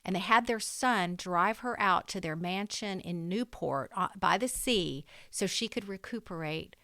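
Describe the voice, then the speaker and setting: A middle-aged woman, a guest author, chatting in an interview as an animated storyteller with quick emphatic asides. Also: medium pitch, no room sound, studio quality. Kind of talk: casual interview conversation.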